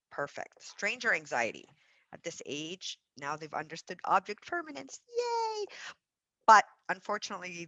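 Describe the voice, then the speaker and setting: A woman who runs a childcare centre, explaining early childhood development to parents in an animated, emphatic way. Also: low-pitched, no room sound, low-quality recording. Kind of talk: parenting talk to camera.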